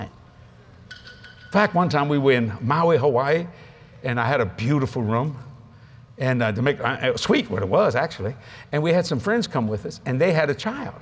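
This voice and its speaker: A man preaching at a convention, telling folksy stories in an animated way with frequent laughs. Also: medium pitch, normal speed, long pauses. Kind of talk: storytelling sermon to a live audience. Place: convention stage.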